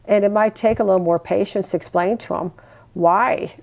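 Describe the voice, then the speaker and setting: Older mother, interview guest, chatty storyteller, slight fry. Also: mid-range voice, steady tone, moderate pace, a little mellow. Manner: chatty storytelling, acts out her own words to her kids. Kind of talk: casual sit-down interview.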